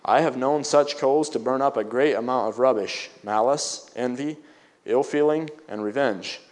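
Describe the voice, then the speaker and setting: A man voicing a kind grown-up cousin in a read-aloud story, speaking with quiet, gentle counsel. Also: medium pitch, normal speed, close to an everyday voice. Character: kindly grown cousin, calm and wise.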